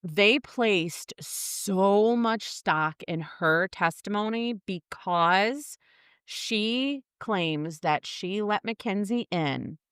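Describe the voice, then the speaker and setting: A woman's voice: medium pitch, lively intonation, drawn-out words, fairly bright tone, clean tone, no room sound, clean studio sound. A woman in her thirties co-hosting a casual true-crime podcast, telling the story bluntly with lots of swearing. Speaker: podcast co-host.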